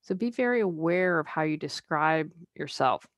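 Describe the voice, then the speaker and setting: A woman's voice: low voice, animated, moderate pace, dry recording, clean studio sound. A woman life coach talking alone on her podcast in a conversational, candid way, with personal asides. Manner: conversational, drops into mocking put-on quotes. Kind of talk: solo podcast monologue.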